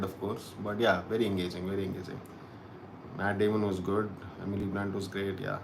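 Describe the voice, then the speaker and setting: Low-voiced man, halting chat. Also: slight background noise. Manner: halting and musing, with frequent restarts. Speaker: host of a live chat show. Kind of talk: casual live-stream chat answering viewer comments.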